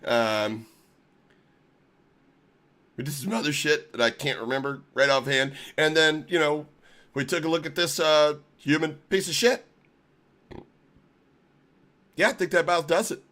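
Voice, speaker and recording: A man's voice: on the high side, normal speed, a bit bright. A man hosting a live stream, talking in a sarcastic, mock-polite and profane way. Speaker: streamer host. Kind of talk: casual live-stream rant.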